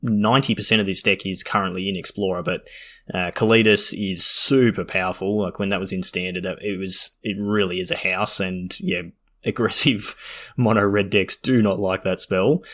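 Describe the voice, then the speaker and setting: A man co-hosting a casual podcast about a trading card game, easygoing and quick to laugh. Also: low voice, fairly even intonation, fairly bright tone. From Australia or New Zealand. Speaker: podcast co-host.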